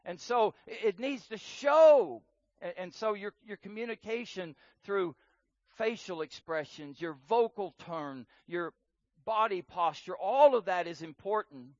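A man with a high voice earnestly preaches a sermon on marriage, repeating words for emphasis and swinging between loud and soft. The recording is muffled and has no room sound.

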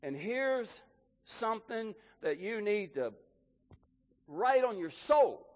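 A man preaching a sermon as pastor, rising and falling sharply in loudness for emphasis. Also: high voice, very animated, slow, in a large hall, highs cut off. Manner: preaching with emphatic rises and drops in volume. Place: church hall.

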